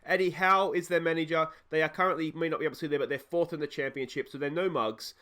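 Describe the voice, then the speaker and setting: A young Australian man talks through a football management game in a loose, rambling commentary. His slightly high voice is hoarse from a cold. He shouts and laughs with excitement whenever his side scores. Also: fast. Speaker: let's play host.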